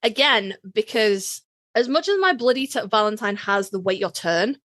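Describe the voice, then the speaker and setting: A woman's voice: medium pitch, expressive, normal speed, fairly bright tone, no room sound, studio quality. A woman co-hosting a podcast in casual fan chat, gushing and rambling about favourite episodes. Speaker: podcast co-host.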